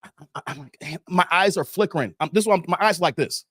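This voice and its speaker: A man from Chicago hosting a casual livestream, telling a story with animated acted-out voices and talking straight to his viewers. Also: sits high, fast, no echo, clean studio sound. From Chicago, USA. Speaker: livestream host.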